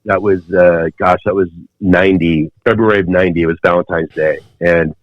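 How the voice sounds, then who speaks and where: Low-voiced man telling a story. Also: steady tone, a little fast, dry recording. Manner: rambling, many fillers and restarts. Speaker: podcast guest. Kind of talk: storytelling in conversation. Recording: dull, dry podcast audio.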